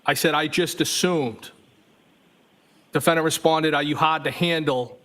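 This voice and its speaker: A man's voice: on the high side, steady tone, measured pace, a bit bright. Man reading texts aloud on the witness stand. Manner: reads evenly, speaking punctuation marks aloud. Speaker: trial witness. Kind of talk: reading text messages aloud in court testimony.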